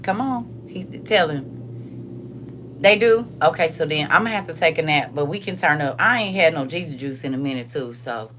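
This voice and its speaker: An older woman talks casually with her livestream viewers in a bright, forceful voice. She is chatty and emphatic, repeats her phrases, and reads comments out loud as she goes. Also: sits low, animated, normal speed, a little hiss or hum. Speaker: livestream host.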